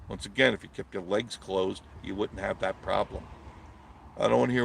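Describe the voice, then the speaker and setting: A man's voice: lowish voice, steady tone, moderate pace, vocal fry, slight background noise. A man hosting a live stream, delivering a blunt, preachy monologue and answering viewer comments.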